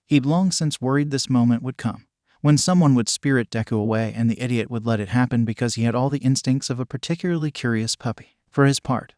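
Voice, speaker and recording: A man reading a fan fiction story aloud with an even storytelling delivery. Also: mid-range voice, no room sound, clean studio sound.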